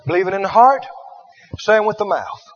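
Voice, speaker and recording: A man's voice: high-pitched, lively intonation, moderate pace, fairly bright tone, dull audio. A man preaching a sermon who questions the congregation and repeats lines for emphasis.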